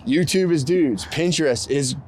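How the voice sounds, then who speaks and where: A man's voice: a little high, moderate pace, darkish tone. Man, 30s, casual outdoor chat, profane, laughing, faint background hum. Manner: loose and profane, laughing often. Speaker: podcast co-host on a fishing trip. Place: outdoors by water.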